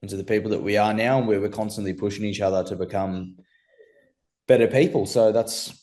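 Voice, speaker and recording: Speaking fairly low with a steady, brisk delivery and a darkish tone, this young Australian MMA amateur keeps the interview chat casual. He talks in relaxed slang and keeps saying bro.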